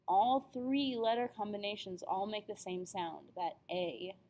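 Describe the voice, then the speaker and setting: A young adult woman talks through a beginner language lesson. She sounds upbeat and is careful over every vowel. She speaks at a middle pitch. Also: a little slow, warm tone, a little hiss or hum. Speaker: French teacher. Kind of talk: classroom lesson video.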